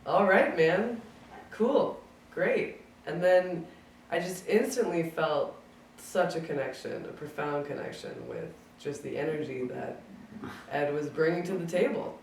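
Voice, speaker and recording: A speaker telling a personal story in a casual, chatty way, acting out quoted dialogue and filling pauses with "like". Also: mid-range voice, gravelly, a little mellow, distant mic, slight background noise. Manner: chatty, acts out quoted dialogue, many fillers of "like". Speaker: speaker sharing a memory at a gathering. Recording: roomy sound from away from the mic.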